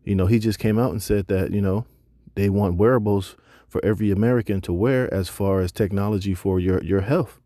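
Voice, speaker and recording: A man's voice: fairly low pitch, fairly even intonation, fairly quick, dark tone, dry recording. A man teaching a Bible lesson, reading scripture and then preaching emphatically with casual slang asides.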